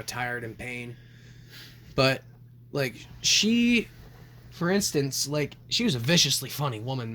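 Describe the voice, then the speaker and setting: A young man co-hosting a casual podcast, telling family stories with lots of swearing and acted-out quotes. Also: medium pitch. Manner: animated storyteller, swears freely, acts out quoted voices. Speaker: podcast co-host. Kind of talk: casual storytelling chat.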